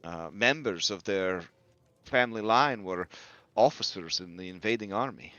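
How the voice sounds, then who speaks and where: A man voicing a wary, sober woman who gives grave, deliberate warnings in a tabletop game. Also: fairly low pitch, animated, pushed and bright, no echo, lo-fi sound. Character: wary older woman innkeeper, sober and measured.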